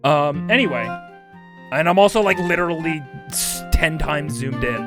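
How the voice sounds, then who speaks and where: A laid-back man streaming from home who talks in loose, rambling bursts and swears without thinking about it. He is high, and his voice sits a little high and swings up and down a lot. Soft music plays faintly underneath. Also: lively intonation, moderate pace. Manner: rambling, laid-back, swears casually, reads chat aloud. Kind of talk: casual livestream chat.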